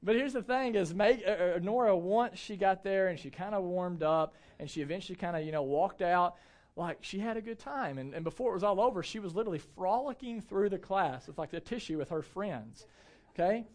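A man in his thirties preaching a conversational, animated sermon to a church gathering. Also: sits high, fairly quick. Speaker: pastor.

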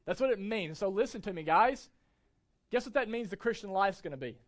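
A man's voice: high-pitched, animated, fairly quick. A young adult man giving a church sermon as pastor, speaking with emphasis and asking the congregation frequent rhetorical questions.

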